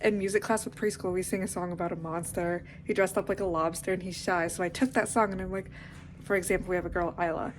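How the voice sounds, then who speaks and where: A woman's voice: on the low side, steady tone, quick pace, a little hiss or hum, rough recording. A young woman vlogging in a casual, rambling way, filling her talk with "like" while chatting about her day. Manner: chatty, rambling, heavy use of "like". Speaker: vlogger and preschool music teacher. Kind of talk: casual vlog chat.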